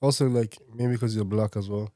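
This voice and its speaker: A man hosting a podcast, relaxed and chatty, laughing easily. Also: on the low side, moderate pace, no room sound, clean studio sound. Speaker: podcast host. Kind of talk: casual conversation.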